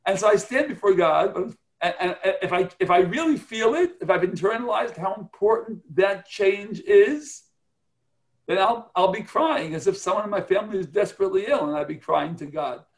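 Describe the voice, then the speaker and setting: A man's voice: high voice, normal speed. A man teaching a religious class on prayer, earnest and explanatory, often checking in with his listeners.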